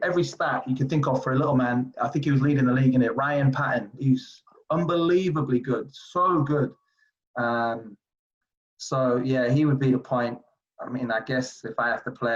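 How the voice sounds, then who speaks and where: A man in his forties from England, telling basketball stories in a casual interview, animated and rambling with many fillers. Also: mid-range voice. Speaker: streetball player guest. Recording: dull lo-fi audio.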